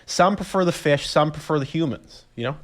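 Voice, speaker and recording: A young man, casually rambling through a solo podcast story, animated and self-amused. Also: on the high side, brisk. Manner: rambling, animated storytelling with laughs and voiced reactions. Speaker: podcast host.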